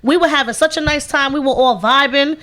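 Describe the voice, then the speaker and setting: A woman hosting an online radio talk show, telling stories in a loud, profane, animated way and laughing as she talks. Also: sits high, fairly quick. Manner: animated storyteller, swears freely, laughs while talking. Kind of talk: casual profane chat radio.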